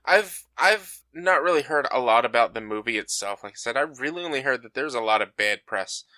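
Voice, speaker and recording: A man's voice: medium pitch, animated, fairly quick, sharp tone, no room sound. A young man co-hosting a podcast in casual chat, blunt and swearing freely. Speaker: podcast co-host.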